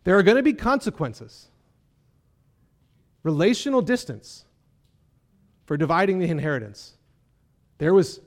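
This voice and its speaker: A man's voice: on the high side, expressive, moderate pace, pauses often. A man preaching a sermon in a conversational way, often checking in with the congregation with rhetorical questions. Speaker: pastor.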